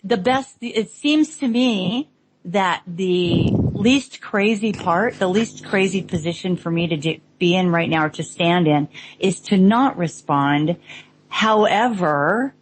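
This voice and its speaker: A woman on an online roundtable, speaking earnestly in halting bursts, often restarting her sentences. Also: on the low side, lively intonation, a little hiss or hum, rough recording. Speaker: roundtable guest. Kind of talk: casual online roundtable chat.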